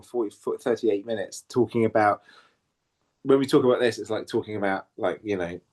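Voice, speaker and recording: A man's voice: mid-range voice, a little mellow. A man co-hosting a podcast, ranting and swearing in casual chat, often stumbling and repeating words. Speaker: podcast co-host.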